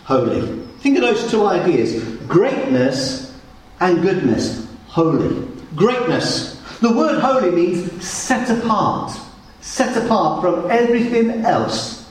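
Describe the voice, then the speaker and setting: A man's voice: high-pitched, expressive, takes it slowly. A man preaching a sermon with emphatic repetition, recorded from a distance in a church hall. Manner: emphatic, repeats words for weight. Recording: echoey hall, distant mic.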